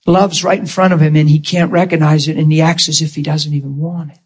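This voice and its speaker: A male preacher telling a story in a sermon, animated and emotional. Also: fairly high pitch, a little fast, slightly rough.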